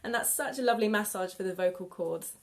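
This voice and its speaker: A woman singing teacher guiding a live vocal warm-up lesson with gentle, encouraging instructions. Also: medium pitch, fast. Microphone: live video stream.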